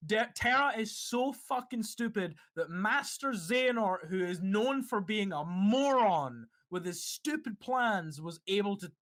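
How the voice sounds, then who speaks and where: A woman on a casual podcast, ranting in an animated, profane way. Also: mid-range voice, a little slow, few pauses. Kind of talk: casual chat.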